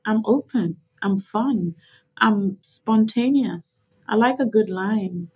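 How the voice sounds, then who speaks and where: Woman, Grenadian, blended Caribbean-English accent, slightly husky, emphatic, reflective interview guest. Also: mid-range voice, slow pace, mellow, poor audio. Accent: mixed Caribbean-English. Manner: reflective, emphatic, repeats herself. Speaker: guest, litigation lawyer. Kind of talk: podcast interview.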